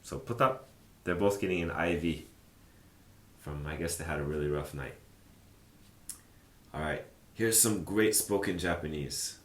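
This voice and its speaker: A man with a low, deep voice walks through a language lesson in an easygoing, chatty way, pausing often with "uh" and "like." The sound is roomy and echoey. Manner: relaxed, chatty, thinks aloud with many fillers. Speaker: language teacher. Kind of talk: casual explanatory lesson.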